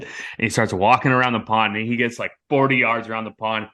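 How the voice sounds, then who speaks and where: A man with an American accent tells a story in a lively, casual way, acting out what each person said. His voice is low-ish but bright and forceful. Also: quick pace, few pauses. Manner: animated storyteller, acts out quotes loudly.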